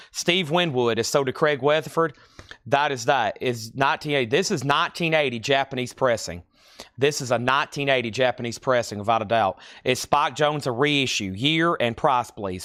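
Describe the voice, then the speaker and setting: A man's voice: medium pitch, fairly bright tone, clean tone, no room sound. Man with a country accent calling record prices. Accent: rural American country accent. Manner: brisk price-calling with dry, joking asides. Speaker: live-stream record seller. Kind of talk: live auction sales patter.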